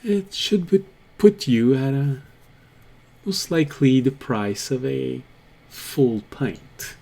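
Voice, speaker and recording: A man voicing a sly male tavern keeper who makes a smooth sales pitch for shady goods. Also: slow pace, darkish tone. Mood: amused. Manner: chuckling, smooth salesman patter.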